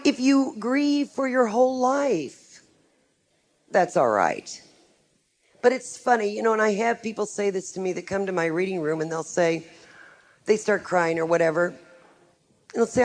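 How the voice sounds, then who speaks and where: A middle-aged woman speaks to a group in a live talk, her voice gravelly and set at a middle pitch. She is a psychic who tells stories frankly and with dry humor. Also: animated, moderate pace, long pauses. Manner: wry, frank storytelling with humor. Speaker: psychic giving a lecture.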